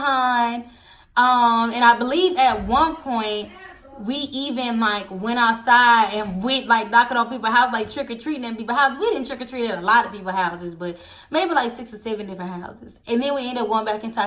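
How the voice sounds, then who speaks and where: A young woman, casually telling a storytime vlog, animated and addressing viewers directly. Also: fairly high pitch. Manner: animated, acts out quoted voices, addresses viewers as y'all. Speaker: storytelling vlogger.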